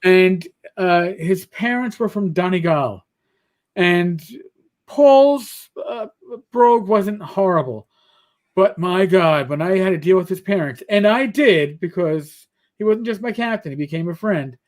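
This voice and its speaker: A middle-aged man with a notably high voice chats casually on a livestream. He tells long, meandering stories, swears freely and restarts his sentences often. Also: unhurried. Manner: rambling storyteller who swears and restarts a lot. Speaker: livestream co-host. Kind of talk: casual chat.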